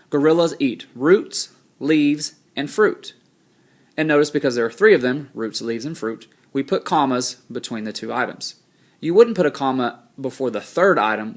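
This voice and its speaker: A man teaching a recorded grammar lesson, explaining rules plainly and slowing down to read example sentences aloud. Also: mid-range voice.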